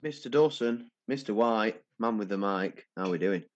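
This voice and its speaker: A man in his thirties co-hosting a casual football podcast, chatty and relaxed with lots of fillers. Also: fairly low pitch, moderate pace, no room sound, dull audio. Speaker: podcast co-host.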